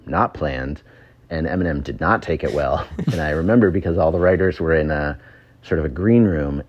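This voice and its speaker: In a lo-fi phone memo, a man who used to write for a show rambles through an anecdote, dotted with ums and little chuckles. His voice rumbles low and is a bit mellow.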